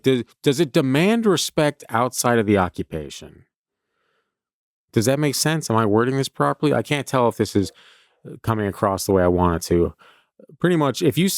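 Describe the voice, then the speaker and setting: A man's voice: lowish voice, dry recording, studio quality. A man from California hosting a comedy podcast, rambling through a self-mocking stream-of-consciousness monologue. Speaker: podcast host.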